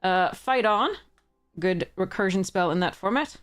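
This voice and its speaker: A young woman commentating her own card game matches, swearing and laughing in frustration, swinging from exasperated outbursts to flat mutters. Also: medium pitch, unhurried, smooth, soft background music. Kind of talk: casual gameplay commentary.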